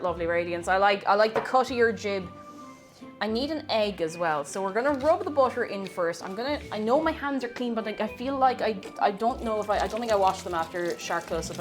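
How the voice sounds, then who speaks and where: A woman streamer chatting casually with her viewers while she bakes. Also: medium pitch. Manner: chatty, reading out viewer messages. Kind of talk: casual chat while baking.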